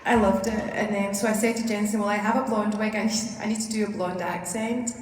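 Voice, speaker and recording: A woman's voice: mid-range voice, steady tone, brisk, recorded from a distance. Chatty Scottish woman in an echoey hall. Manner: chatty, rambling, laughs often. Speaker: actor as panel guest. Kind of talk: convention panel storytelling. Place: large convention hall. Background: hall ambience and noise.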